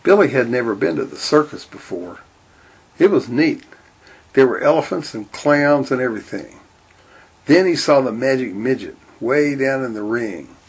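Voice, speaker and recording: A man reading a children's-style story aloud in a deadpan, matter-of-fact way. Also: medium pitch, normal speed, husky. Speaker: narrator.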